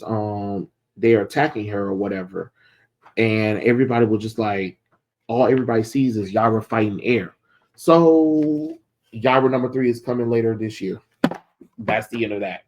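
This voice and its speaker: A man talks through a comic's story in a relaxed, rambling way, dropping frequent fillers as he paraphrases what the characters say. His voice sits a bit on the low side. He ends by giving his own take on the issue. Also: normal speed. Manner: loose storytelling, quotes characters casually with many fillers. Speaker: comic book reviewer. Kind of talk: casual comic recap and review.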